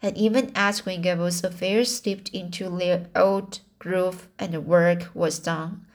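Slow-reading woman narrator. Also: lowish voice, fairly even intonation. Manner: slow, with frequent restarts and self-corrections. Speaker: audiobook reader. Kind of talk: audiobook narration.

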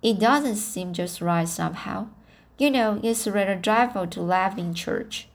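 A woman voicing a shy, easily shocked young woman in a storybook, hesitant and stammering, slightly higher than her usual voice. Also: a little slow, close to an everyday voice. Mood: flustered.

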